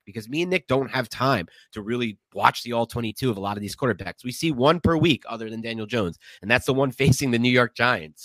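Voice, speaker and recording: A man's voice: medium pitch, a bit bright, no echo. A man hosting a podcast in casual chat, with a nasal voice and a stuffy head cold, talking eagerly and rambling. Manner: eager, rambling, with quick laughs. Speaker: podcast host.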